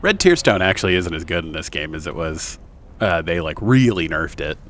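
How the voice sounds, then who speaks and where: A man's voice: low-pitched, very animated, moderate pace, fairly bright tone, slight background noise. A young man streaming a video game, rambling casually with lots of fillers and self-corrections. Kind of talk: casual gameplay commentary.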